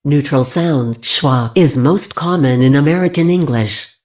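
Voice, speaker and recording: A synthetic woman's voice narrates a slide lecture. It sits low and sounds dark and mellow. Its delivery is even and read-aloud throughout. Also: a little slow. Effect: text-to-speech voice.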